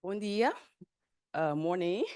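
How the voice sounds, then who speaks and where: A woman from Mozambique, a clinical researcher, giving a slow, hesitant self-introduction to a course group. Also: on the low side, animated, mellow.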